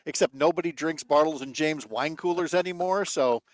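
A man's voice: fairly high pitch, normal speed, no echo. A man, a morning radio host, chatting outdoors by a lake with wry jokes. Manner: wry, joking. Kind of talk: casual radio talk show chat.

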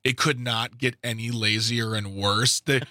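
A male radio co-host with a joking, sarcastic way of talking. His voice has a bright, forceful edge, and he is recorded close up on a dry studio mic. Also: medium pitch, steady tone, unhurried, no echo. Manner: joking, sarcastic, acts out mocking quotes. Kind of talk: political talk radio banter. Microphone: studio microphone.

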